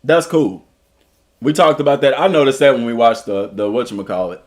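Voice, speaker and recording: A man's voice: mid-range voice, fairly quick. A man with a Southern US accent, a coach streaming live, reading an article aloud and joking with his viewers in casual commentary. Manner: animated and joking, chats with viewers between read passages. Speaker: streamer and school football coach.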